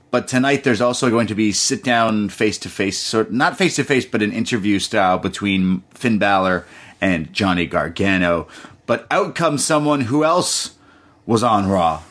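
A man's voice: fairly low pitch, fairly bright tone. A young man hosting a podcast, chatting casually and laughing often as he retells a wrestling show with quoted voices. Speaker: podcast host. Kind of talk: casual wrestling recap chat.

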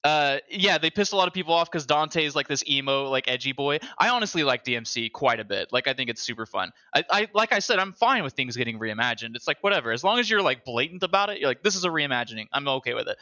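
A man's voice: mid-range voice, lively intonation, fast talker, hardly any pauses, bright, forceful tone. A man co-hosting a podcast in casual chat, rambling, swearing casually and laughing often. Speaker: podcast co-host.

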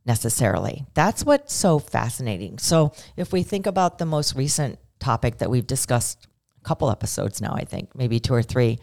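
A woman's voice: extremely low pitch, expressive, moderate pace, a little mellow. A woman co-hosting a podcast, talking earnestly and emotionally, often repeating phrases. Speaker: podcast co-host. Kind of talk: casual conversation.

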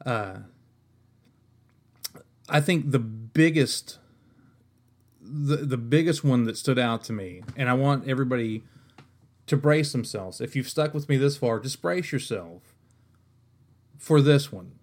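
A man's voice: medium pitch, unhurried, pauses often, a little mellow. A man hosting a podcast, ranting in a comic, exasperated way, swearing often and restarting his sentences. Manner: exasperated, profane, rambling with many restarts. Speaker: podcast host. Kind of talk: comedic rant.

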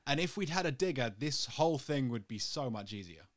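A man's voice: medium pitch, expressive, a little fast. A man co-hosting a casual chat, teasing and mock-outraged, laughing often as he banters.

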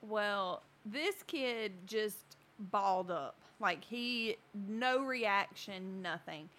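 A woman who coaches jiu-jitsu, telling a story in a chatty, animated way with plenty of fillers. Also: medium pitch, drawn-out words. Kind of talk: casual storytelling.

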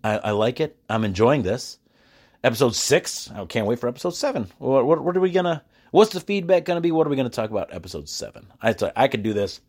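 Recording his casual podcast alone at night in a quiet house, a man speaks in a mid-range voice. He chats with animation, frequently starting over and letting out quick laughs.

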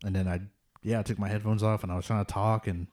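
Relaxed man telling a ghost story. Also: on the low side, fast. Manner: relaxed, rambling with many "like" fillers, laughs at tense moments. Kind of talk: casual storytelling of ghost encounters.

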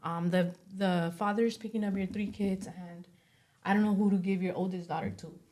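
A young woman speaking as an interview guest, giving a personal testimony in a soft voice full of "you know" and "like". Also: mid-range voice, steady tone, normal speed. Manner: soft-spoken, many fillers like "you know" and "like".

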